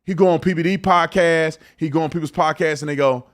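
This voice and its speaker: A man's voice: on the high side, fairly even intonation, a little fast. A man hosting a commentary show, talking bluntly and repeating words as he reacts to clips. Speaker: show host.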